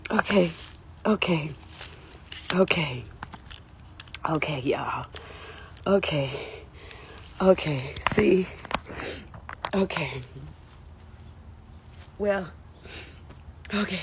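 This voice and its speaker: A woman's voice: deep voice, darkish tone, slight background noise. Tearful woman with a swooping voice. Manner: emotional, repetitive self-talk, nervous laughs. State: tearful, on the verge of crying. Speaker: live-streaming vlogger. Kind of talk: casual live-stream chat to viewers. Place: outdoors in a yard by the lawn.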